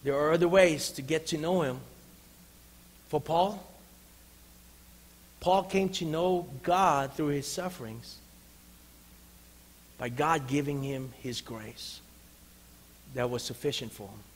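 Male pastor with a high voice, impassioned sermon, long hall reverb. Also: slow, long pauses. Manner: impassioned, swinging from loud to hushed. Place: church.

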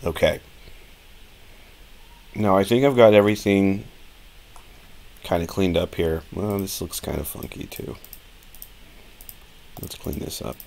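A man's voice: low voice, a little slow, gravelly, long pauses, darkish tone. A man casually talking through a live-streamed modeling tutorial, thinking aloud with plenty of fillers and restarts.

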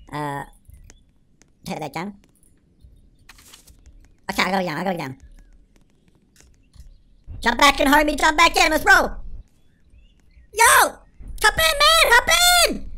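A performer voicing an excitable cartoon chipmunk in a sped-up chipmunk filter, giving panicky, shrieky game commentary as the channel host. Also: medium pitch. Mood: excited. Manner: shrieky, panicky, constantly shouting to friends. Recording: noisy game sounds behind.

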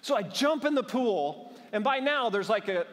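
A man's voice: very high voice, animated, normal speed, fairly bright tone. A male pastor preaching a sermon, telling a humorous personal story and building to fervent exhortation. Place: church sanctuary. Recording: long church hall reverb.

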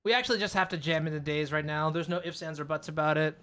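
A young adult card game player thinking aloud during a match, swearing often in frustration between calmer planning. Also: mid-range voice, fast. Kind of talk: live gameplay commentary, thinking aloud.

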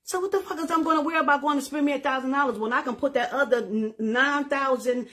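A middle-aged woman, chatting to her viewers in a loud, animated, profane way and laughing often. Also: sits high, fast talker, background noise. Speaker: social media creator. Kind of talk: casual live-stream chat.

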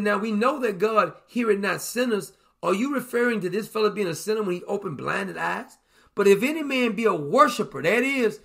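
Gravelly high-voiced preacher man. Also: a bit bright. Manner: folksy, dramatizing scripture in vernacular voices. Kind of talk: sermon.

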